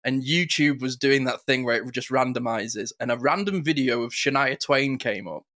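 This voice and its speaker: Bright-voiced playful man. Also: mid-range voice, normal speed. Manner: animated, playful, laughs often. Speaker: podcast co-host and interviewer. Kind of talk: casual chat.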